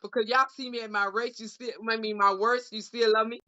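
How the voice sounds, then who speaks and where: A woman's voice: fairly high pitch, fairly even intonation, brisk, pushed and bright. A woman giving heartfelt closing remarks on a podcast panel, repeating phrases in a preacher-like way. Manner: emotional, preacher-like repetition. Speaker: co-host representing a union caucus. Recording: dull lo-fi audio.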